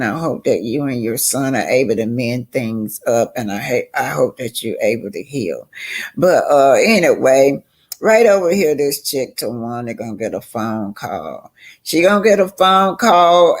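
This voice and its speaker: A woman's voice: a bass voice, lively intonation, normal speed. An older woman giving chatty, emphatic commentary on a reality show, drawing out her words. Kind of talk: casual commentary.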